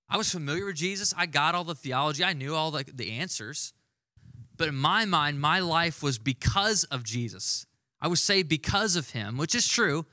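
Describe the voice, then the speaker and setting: Pria berkhotbah santai, suara cerah dan kering. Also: male voice, a little high, sharp tone, no echo, studio quality. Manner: conversational, emphatic preaching with slowed stressed words. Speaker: pastor. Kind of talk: sermon.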